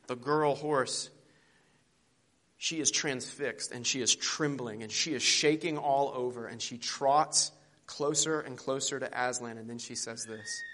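A pastor with a slightly high voice preaches in an animated, conversational way. He retells a story to his congregation with frequent restarts and asides. He then turns to an earnest prayer. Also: normal speed.

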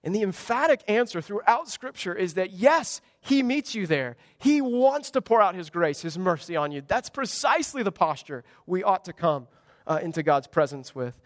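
A man with a high-sitting, very animated voice preaches a sermon at normal speed, speaking emphatically, posing rhetorical questions, and acting out the quotes he reads. The recording comes from a dry close mic with long hall reverb.

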